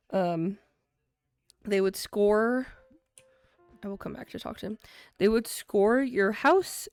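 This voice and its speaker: A woman streaming a video game, chatting casually and excitedly about what she sees, with frequent laughs. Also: medium pitch. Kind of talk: casual gameplay commentary.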